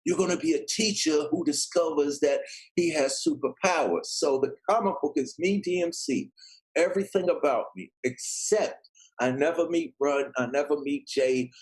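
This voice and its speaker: A man's voice: on the high side, breathy edge, poor audio. A middle-aged man telling a long casual story, acting out the voices of people in it. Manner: animated, acts out quoted voices. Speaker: guest storyteller.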